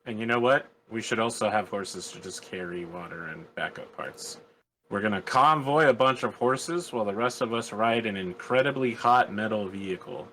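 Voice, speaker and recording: A man's voice: lowish voice, moderate pace, pushed and bright, slight background noise, rough recording. A man playing in a tabletop game, making dry jokes. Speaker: player.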